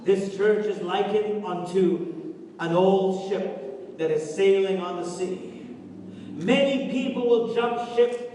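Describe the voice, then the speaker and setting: A pastor preaching a sermon, with rising, sing-song emphasis and lots of repetition, recorded in a church. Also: male voice, high voice, takes it slowly, warm tone, a little hiss or hum. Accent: Canadian. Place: church sanctuary. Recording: echoey hall from far off.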